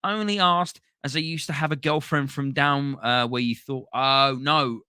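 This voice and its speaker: Male podcast host, bright tone, loose casual chat, dry recording. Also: a little high, animated, normal speed, clear, resonant tone, no echo. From London, England. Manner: chatty, swears freely, thanks viewers by name. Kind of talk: casual live-stream chat reading comments.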